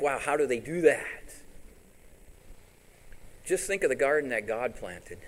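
A mid-range male voice belongs to a pastor giving a conversational sermon. He questions the congregation and paraphrases scripture in quoted voices, and the recording is rough.

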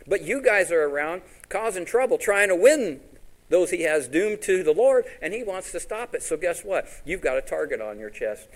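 Animated preacher delivering a sermon. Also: male voice, on the high side, rough recording. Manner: animated storytelling, with rhetorical questions to the congregation.

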